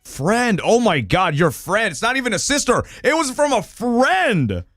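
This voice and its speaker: A man hosting a livestream, reading viewers' horror stories aloud in an excitable, swearing, laugh-filled way. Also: high voice, measured pace, no echo, studio quality. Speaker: streamer host.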